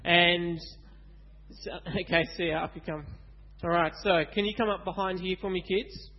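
A man gives a lively children's Bible talk in church and keeps asking the kids questions. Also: sits high, moderate pace, dull audio. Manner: animated, asks kids questions.

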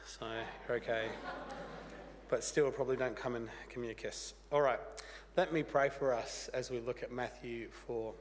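A man preaching a sermon with a hoarse, croaky voice from a cold. His pitch sits in a middle register, and his earnest, plain-spoken delivery carries a touch of humor. The sound rings with the long reverb of a church hall. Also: steady tone, moderate pace, a little hiss or hum. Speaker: pastor.

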